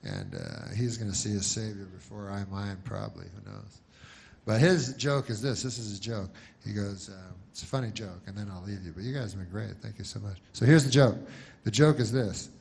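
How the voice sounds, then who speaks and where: Male comedian with a meandering, deadpan delivery that drifts and stalls on purpose. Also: fairly low pitch, gravelly, slightly rough. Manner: meandering, halting, full of fillers and dry asides. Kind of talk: rambling deadpan stand-up storytelling.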